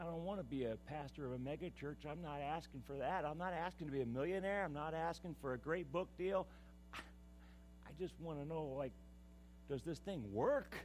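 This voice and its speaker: Impassioned male pastor, very lively pitch. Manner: impassioned, swings from loud declaiming to hushed confiding. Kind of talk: sermon.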